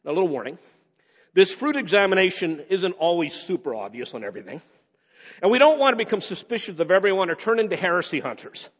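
A male pastor preaching a sermon, swinging between raised emphasis and quick, low asides. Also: sing-song, breathy edge. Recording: dull sound with long hall reverb.

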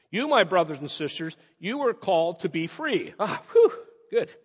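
A man preaching in a high, lively voice, slowing down to stress key phrases and then rushing through quick asides. His voice is a bit husky, and the muffled recording rings with the long reverb of a large hall. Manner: animated, shifts to emphatic slow phrases and quick asides. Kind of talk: sermon.

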